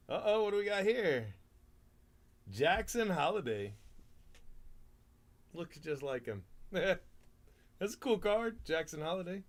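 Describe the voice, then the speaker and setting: A man's voice: high-pitched, very animated, slow pace, pauses often. A man hosting a live card break stream, chatting casually, laughing often and rattling off player names.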